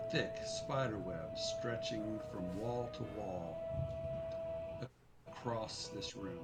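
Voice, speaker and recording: A man running a tabletop game as game master, narrating scenes in a measured way with fillers. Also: on the low side. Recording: music playing clearly behind.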